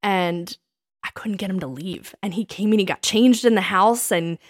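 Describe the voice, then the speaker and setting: A woman telling funny stories about old dates in a casual chat, laughing often and acting out what she said back then in a higher voice. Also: normal speed. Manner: animated, laughing, quotes herself in a higher voice. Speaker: podcast co-host.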